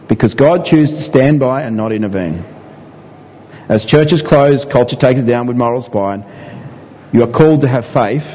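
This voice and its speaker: A man preaching a sermon, sometimes acting out pleading prayers in a raised voice. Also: medium pitch. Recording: dull, reverberant hall.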